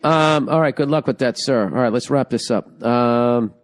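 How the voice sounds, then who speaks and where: A man's voice: mid-range voice, takes it slowly, long pauses. A man hosting a casual comedy podcast, joking crudely and reading out listener emails, with a sore throat. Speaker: podcast host.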